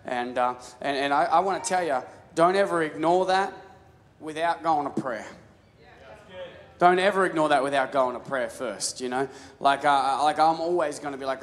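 A man preaching a casual, story-driven sermon, stumbling and restarting his words as he talks. His voice sits a little high for a man. It rings out with a long reverb, as in a large church hall. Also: fast. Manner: casual storytelling with many restarts and stammered repeats. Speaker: pastor.

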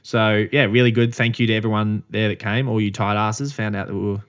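Lively Australian man telling running stories. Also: fairly low pitch, a little fast. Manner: animated storyteller, laughs often, acts out others' lines. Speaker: podcast co-host. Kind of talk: casual chat.

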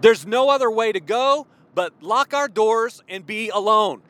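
Man in his forties, preacher, fervent sermon, very lively swooping delivery, bright ringing voice. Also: high-pitched, unhurried. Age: 40s. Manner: fervent and worked up, at times yelling. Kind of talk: impassioned sermon.

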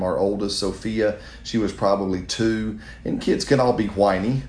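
With a lowish voice and a roomy sound, a middle-aged pastor responds to a question. His delivery is earnest and conversational like a sermon, with restarts and appeals aimed straight at the people listening.

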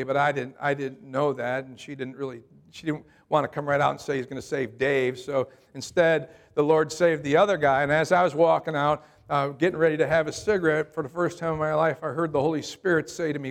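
A man's voice: fairly high pitch, fairly even intonation, a little fast, vocal fry. An older man, a pastor, preaching a sermon and telling his own story in a conversational way, often repeating his words as he starts a sentence. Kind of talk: sermon with personal testimony.

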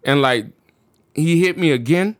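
A man's voice: on the high side, unhurried, no echo, studio quality. A man from the United States, a podcast guest, telling a personal story casually and with animation. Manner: animated, with frequent fillers like "you know what I'm saying".

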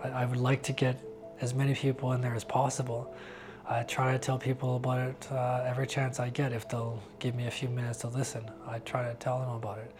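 A man giving a candid interview about his faith, talking earnestly and haltingly with frequent restarts. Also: medium pitch, monotone, over loud music. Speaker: interviewee sharing a personal faith testimony.

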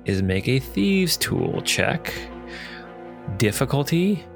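A man's voice: mid-range voice, very animated, slow pace, gravelly, music in the background. A man narrating a tabletop game as dungeon master, rambling with chuckling asides.

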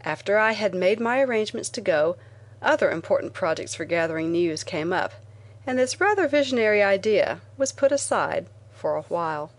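A woman reading a first-person memoir aloud as an audiobook narrator, in a clear storytelling manner. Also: mid-range voice, expressive, moderate pace.

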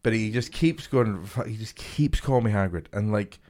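Swearing, animated young man telling stories. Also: lowish voice, normal speed. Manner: animated storyteller, swears freely, acts out quotes. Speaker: podcast co-host, comedian. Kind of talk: casual chat.

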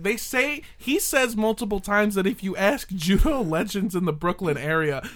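In casual chat, a podcast host with an ordinary middle pitch and a slightly bright tone loosely and sarcastically picks a story apart. Swearing and small laughs run throughout, giving it a debunking feel rather than a formal one.

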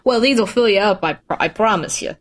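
A woman's voice: mid-range voice, fairly quick, close to an everyday voice. A woman voicing a broke, wisecracking freelancer who hesitates and fills the talk with ums and jokes. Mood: casual. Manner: hesitant, full of fillers, joking.

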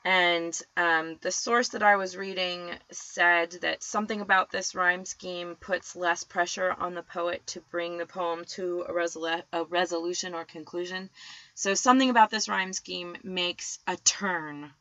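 A woman's voice: on the low side, fairly even intonation, unhurried, pushed and bright, no room sound, lo-fi sound. A woman co-hosting a podcast, explaining in casual chat with fillers and frequent laughs. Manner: chatty, laughs often, loose fillers. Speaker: podcast co-host.

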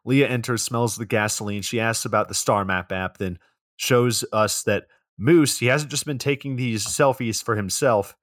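A man's voice: mid-range voice, moderate pace, no room sound, studio quality. A man co-hosting a podcast, casually recapping a plot with plenty of swearing. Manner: loose, profane plot recap. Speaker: podcast co-host. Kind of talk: casual chat.

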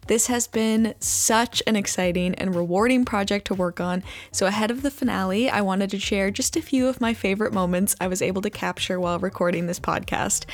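A young adult woman, host and creator of a podcast, talking in a chatty, giggly and apologetic way. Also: mid-range voice. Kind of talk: casual chat and recorded announcement.

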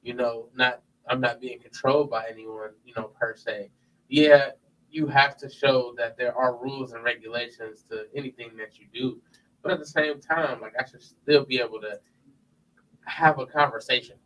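A man's voice: mid-range voice, steady tone, moderate pace, fairly bright tone, distant mic, low-quality recording. A man co-hosting a casual sports chat, laid-back and hesitant, mostly agreeing.

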